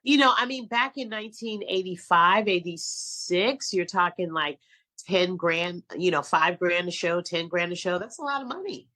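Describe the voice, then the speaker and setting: A middle-aged woman with a somewhat low voice tells stories as an interview guest. She is animated and slips into other people's voices as she recounts scenes. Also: normal speed. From San Francisco, California. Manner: animated storyteller, acts out quotes. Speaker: guest, casting director and acting coach. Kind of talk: casual interview storytelling.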